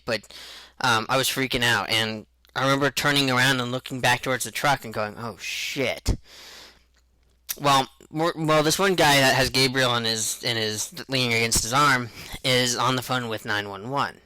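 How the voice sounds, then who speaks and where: A man's voice: medium pitch, pushed and bright, smooth, no room sound, rough recording. A young man telling a personal story in a rambling way, with halts and restarts. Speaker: vlogger recounting a truck accident.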